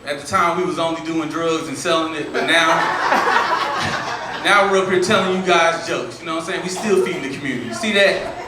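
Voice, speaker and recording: A male emcee firing up a comedy crowd with friendly, hyped patter, his voice a bit high for a man. He is caught from a distance in a reverberant room, with noise from the audience under him. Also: moderate pace. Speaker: emcee introducing the headliner. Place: live comedy venue.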